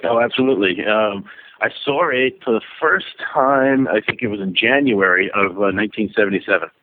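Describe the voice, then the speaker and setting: A man in his fifties from New York, a guest telling stories in a friendly, relaxed way during a phone interview. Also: fairly low pitch, fairly quick, dry recording. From New York, USA. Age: 50s. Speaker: author and guest. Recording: tinny phone line.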